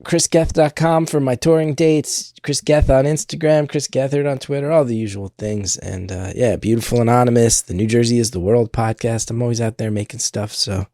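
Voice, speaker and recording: A male comedian chats as a podcast guest. His storytelling is playful and animated, at a middle pitch. The recording is close and dry. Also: normal speed, hardly any pauses, no room sound. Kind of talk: casual chat.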